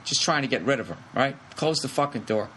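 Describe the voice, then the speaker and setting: A middle-aged man hosting a podcast, telling a rambling comic story with lots of swearing in quick animated bursts. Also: mid-range voice, slightly rough, poor audio. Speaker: podcast host. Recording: faint background noise.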